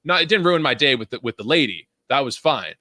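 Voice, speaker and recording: A young Vancouver man co-hosts a casual podcast, ranting in an animated way full of swearing and laughter. His voice sits at a medium pitch and he talks fast. The studio-quality recording carries no room sound.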